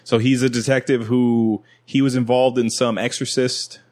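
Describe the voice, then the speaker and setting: A man co-hosting a casual movie podcast, animated and laughing as he acts out scenes. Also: medium pitch, moderate pace. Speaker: podcast co-host.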